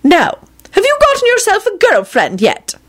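A woman's voice: wildly swooping pitch, exaggerated voice. A woman doing McGonagall, a stern old headmistress. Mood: scolding. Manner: brisk, scolding, high and sharp. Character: stern elderly woman headmistress, proud and brisk.

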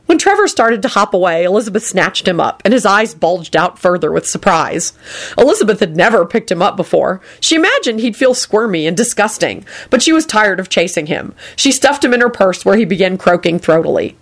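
A woman narrating a story aloud in an expressive storytelling manner. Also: mid-range voice, a little fast.

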